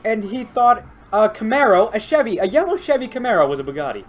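A man's voice: high voice, big pitch swings, quick pace. A man telling joking stories and teasing his friends on a casual podcast. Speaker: podcast guest. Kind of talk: casual storytelling chat.

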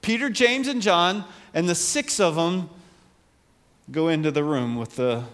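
A man's voice: fairly high pitch, measured pace, a bit bright. A man preaching a conversational sermon as a pastor, acting out voices from the Bible story. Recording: long hall reverb.

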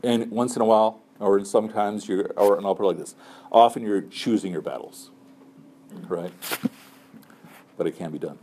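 A middle-aged man gives student leaders casual, conversational advice as a chaplain, often tossing in "right?" and "okay?". His voice sits on the low side. Faint room noise runs behind him. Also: moderate pace, long pauses, dark tone.

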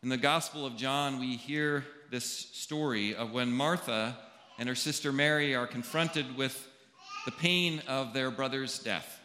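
A man, a pastor, giving a funeral sermon in a slow, deliberate delivery with long pauses. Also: mid-range voice, bright, forceful tone. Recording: echoey hall with long reverb.

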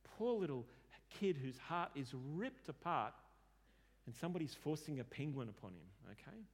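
A man's voice: fairly high pitch, very animated, moderate pace, breathy edge. A man preaching a sermon and telling a story conversationally, often repeating words as he starts a sentence. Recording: long hall reverb.

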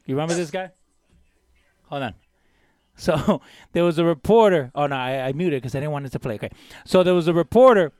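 A man's voice: a little high, a little fast, pauses often, a little mellow, no echo. A man co-hosting a casual talk show, chatty and laughing easily, dropping Spanish words into his English. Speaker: co-host. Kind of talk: casual chat with banter.

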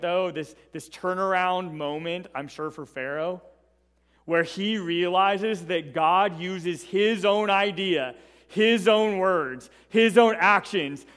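Conversational preacher in a reverberant hall. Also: male voice, sits high, fairly bright tone. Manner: conversational, tags points with "right?". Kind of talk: sermon, Bible teaching.

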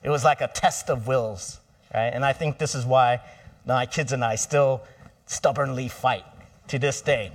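A man's voice: medium pitch, fairly even intonation, a little slow, distant mic. A middle-aged man preaching a sermon in a church, conversational and asking the congregation for responses. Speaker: pastor.

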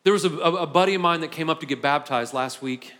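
Fairly high and a bit bright, this man's voice moves fast as he preaches in a church sanctuary. His sermon starts conversational and builds to passionate peaks, all wrapped in long hall reverb.

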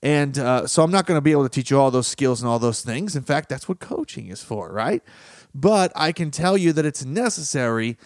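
A male relationship coach talks straight into a close microphone, his voice at a middling pitch. The sound is dry and close, with no room around it. He tells stories loosely and casually, slipping into quick impressions of the people in them. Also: animated, no room sound. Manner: conversational storytelling, acts out quoted voices. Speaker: relationship coach and podcast host. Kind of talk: solo podcast monologue.

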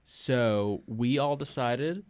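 A man's voice: mid-range voice, slow, a little mellow, clean tone, dry recording. A man hosting a casual interview, asking playful quiz-style questions. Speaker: podcast host.

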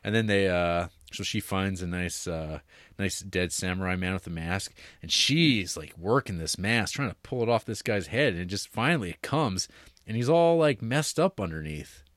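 A young man with a low voice casually retells a movie plot, stumbling through fillers and restarts. The sound is close and dry, with almost no room echo. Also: expressive, moderate pace, fairly bright tone. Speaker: podcast co-host.

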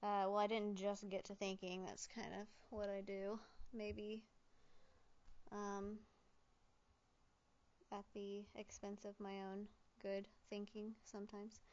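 A woman's voice: medium pitch, completely flat delivery, slow pace, long pauses, a little mellow, muffled recording. A woman hosting a solo podcast from home on a fancy microphone, rambling with goofy jokes and self-corrections. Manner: loopy, jokey, self-interrupting, keeps saying "just kidding". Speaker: podcast host. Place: at home, alone. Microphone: fancy studio microphone.

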